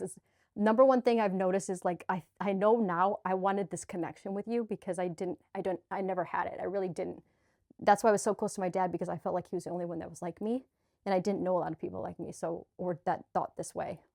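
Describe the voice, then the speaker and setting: A woman's voice: mid-range voice, darkish tone, no echo, studio quality. Earnest, gushing woman vlogger. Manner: earnest, gushing, with restarts and filler. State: sweaty, a little choked up. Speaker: spiritual vlogger. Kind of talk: heartfelt direct-to-camera vlog.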